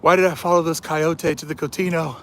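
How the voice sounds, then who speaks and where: A man's voice: on the high side, fairly even intonation, fairly quick, fairly bright tone. Joking man streaming a walk outdoors. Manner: joking, self-mocking, mock-motivational. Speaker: live streamer. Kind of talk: live-streamed walking vlog. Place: outdoors on a desert sidewalk, walking. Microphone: phone held in hand. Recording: wind and traffic noise outdoors.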